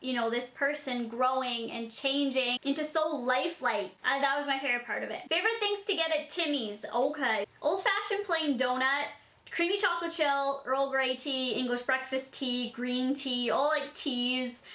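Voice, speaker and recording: High, bright, giggly young woman vlogger. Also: normal speed. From Canada. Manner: chatty and giggly, with lots of fillers. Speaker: vlogger answering viewer questions. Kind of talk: casual Q&A vlog. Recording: echoey room.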